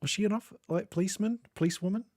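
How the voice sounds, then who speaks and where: A man's voice: high-pitched, racing, darkish tone, no echo, studio quality. A man streaming, chatting casually, joking and laughing often. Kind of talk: casual chat.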